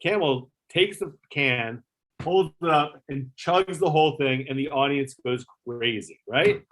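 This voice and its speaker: A man's voice: medium pitch, unhurried. A man who used to produce a talk show, telling a long backstage story in a casual, rambling way, with lots of fillers and some swearing. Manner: rambling, filler-heavy, animated retelling with swearing.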